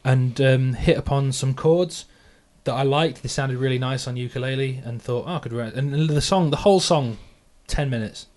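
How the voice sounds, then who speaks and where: A man in his thirties from England, a musician, chats casually about his songs on the podcast he hosts, laughing often and self-mocking. His medium-pitched, slightly mellow voice moves at normal speed with few pauses.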